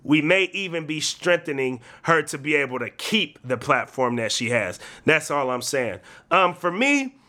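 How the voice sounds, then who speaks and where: A man hosting a casual sports talk show, laying out his opinions at length in a measured way. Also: on the high side, big pitch swings, pushed and bright. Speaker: show host.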